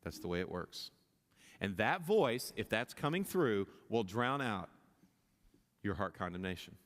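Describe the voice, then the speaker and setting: Guy preaching a sermon, kinda low voice, gets fired up and loud, lots of restarts, big echoey church. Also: expressive, measured pace. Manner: impassioned, rising in pitch and volume at climaxes, many restarts. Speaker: pastor. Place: church sanctuary. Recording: long reverb of a church hall.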